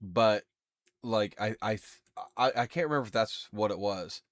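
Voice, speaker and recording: A male podcast host in easygoing, rambling casual chat, quick to laugh. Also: on the low side, no echo, clean studio sound.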